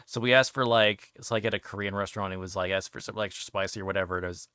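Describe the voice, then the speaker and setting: A man's voice: fairly low pitch, fairly even intonation, very fast, bright, forceful tone, clear, resonant tone, dry recording, studio quality. A male guest in a casual chat, rambling with frequent restarts and fillers.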